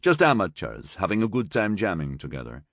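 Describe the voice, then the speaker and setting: A man voicing an older, relaxed, genial musician who talks in an easygoing, gently teasing way. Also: deep voice, a little fast, gravelly, dry recording, studio quality, exaggerated voice.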